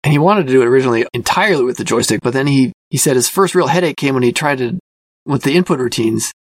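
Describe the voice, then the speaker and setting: A man hosting a casual talk show, thinking aloud with many fillers and careful hedges, a self-described quiet person. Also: mid-range voice, lively intonation, fast talker. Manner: thoughtful, hedging, self-reflective with many fillers. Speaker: podcast host reviewing a magazine. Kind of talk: casual spoken commentary.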